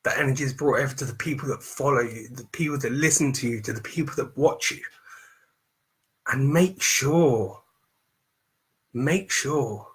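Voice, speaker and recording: A man's voice: mid-range voice, a bit bright. A man coaching on mindset in a live stream talk, emphatic and repetitive as he preaches self-affirmation.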